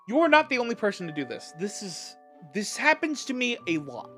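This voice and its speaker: A streamer venting to a livestream chat, impassioned and exasperated, trying to stay measured while upset. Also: medium pitch, big pitch swings, a bit bright, faint music behind.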